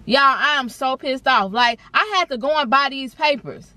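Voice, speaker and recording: A young woman with a high voice talks at normal speed with hardly any pauses, and there's no room sound. Vlogging from her car, she animatedly rants to viewers, calling them "y'all" and "honey" again and again.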